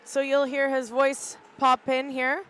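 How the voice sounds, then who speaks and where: A middle-aged woman, a team parent, giving relaxed, chatty play-by-play from an arena balcony, with fillers and hesitations. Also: high voice, slow. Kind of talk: amateur live sports commentary. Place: arena balcony overlooking ice rink.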